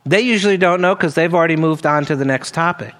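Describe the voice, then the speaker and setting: A man's voice: a little high, fast talker, fairly bright tone. A man preaching a sermon, earnestly teaching through a Bible passage verse by verse, with conversational asides.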